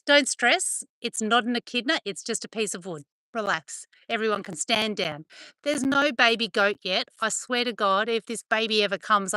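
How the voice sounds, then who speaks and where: A woman's voice: on the high side, bright, forceful tone, dry recording. Chatty woman, dry close sound. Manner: chatty, playful, teasing. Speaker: vlogger. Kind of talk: casual chat to camera and to her dogs. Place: outdoors on a farm.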